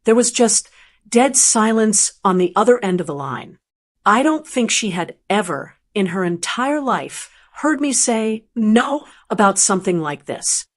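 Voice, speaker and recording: A woman narrating a first-person family story aloud in a calm, measured, reflective way. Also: medium pitch.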